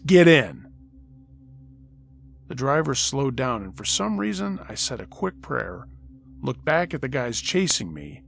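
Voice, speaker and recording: A man's voice: mid-range voice, vocal fry, a bit bright. A man telling a first-person scary story aloud in a dramatic, conversational way. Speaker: storyteller host.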